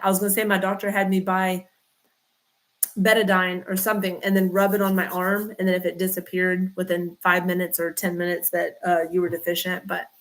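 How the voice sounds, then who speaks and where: A woman who works as a chiropractor chats casually on a livestream, rambling, reading comments and greeting viewers by name. Her voice is mid-range with a fairly bright tone.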